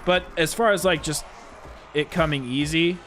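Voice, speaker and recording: A man's voice: a little high, moderate pace, fairly bright tone, soft background music. A young American man chatting casually and rambling as a gaming podcast host. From United States. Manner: rambling, chatty, laughs often. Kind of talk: casual chat while playing a game.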